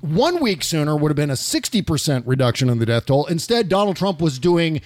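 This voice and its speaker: An impassioned man hosting a political talk show, his voice sitting fairly high. He rants and swears freely in casual talk, recorded close and dry. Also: very animated, fairly quick, darkish tone, dry recording.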